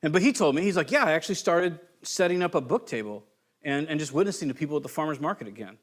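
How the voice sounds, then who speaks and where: A man's voice: on the high side, fast talker. A man from California preaching a sermon as pastor, telling stories in a loose, conversational way and acting out quotes. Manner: conversational, animated storytelling with voiced quotes.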